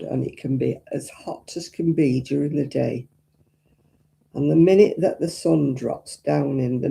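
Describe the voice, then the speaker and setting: Gravelly, mellow woman chatting. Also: sits low. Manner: chatty, rambling, homely, yawns often. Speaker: craft live-stream host. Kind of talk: casual chat to live viewers while crocheting.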